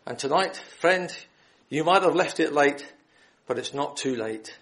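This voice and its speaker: A man's voice: on the high side, animated, unhurried, a bit bright. A man preaching the gospel in a hall, reading scripture aloud and then appealing earnestly and directly to his listeners. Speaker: lay preacher.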